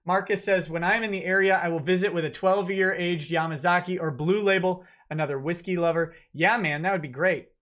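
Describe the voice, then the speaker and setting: A man's voice: high voice, fairly even intonation, brisk, hardly any pauses, a bit bright. A man hosting a legal livestream, reading viewer super chats aloud and adding wry, offhand asides. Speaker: lawyer livestream host.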